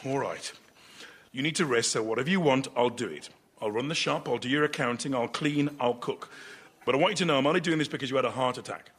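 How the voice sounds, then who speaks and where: An actor playing a prim, exasperated middle-aged son from London who manages a classical music store, in a radio sitcom. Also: male voice, medium pitch, fast, a bit bright, slightly rough.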